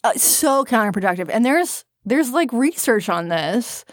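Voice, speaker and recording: A woman's voice: fairly high pitch, very animated, a little slow, dry recording, clean studio sound. A woman co-hosting a podcast in casual chat, blunt and profane, laughing often. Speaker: podcast co-host.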